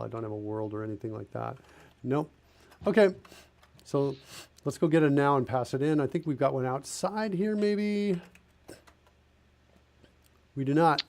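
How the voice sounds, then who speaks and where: Gravelly man live-coding aloud. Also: mid-range voice, darkish tone. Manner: thinking aloud while typing, self-correcting. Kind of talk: casual live-coding narration.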